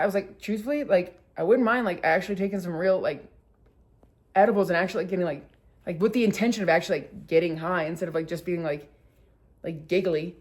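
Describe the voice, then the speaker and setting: A young woman in her twenties chatting casually as a vlogger, filling every pause with "like" and breaking into laughter. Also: a little mellow. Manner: filler-heavy with constant "like", bursts into laughter; acts out quotes with sudden high squeals. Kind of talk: casual storytime chat.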